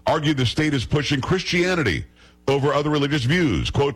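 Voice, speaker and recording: A man's voice: fairly high pitch, animated, fairly quick, slightly rough, poor audio. A male talk radio host delivering an opinionated, combative monologue with a scornful, emphatic manner.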